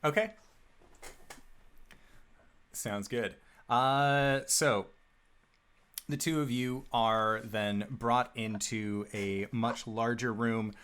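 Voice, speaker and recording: A man narrating a tabletop game as game master, pausing often with "uh" as he describes scenes. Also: medium pitch, clean tone. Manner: relaxed, frequent "uh" fillers while narrating.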